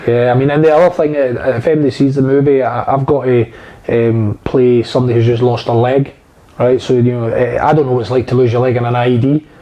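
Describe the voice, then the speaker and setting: A man, an actor guest telling lively, swear-filled stories in a casual interview. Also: medium pitch, fast, dull audio. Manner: animated storyteller, swears freely.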